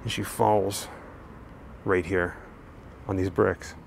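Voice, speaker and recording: A man hosting a true crime show, telling the story in a steady narrative style while walking outdoors on a residential street. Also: low voice, slow, creaky, slight background noise. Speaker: true crime channel host.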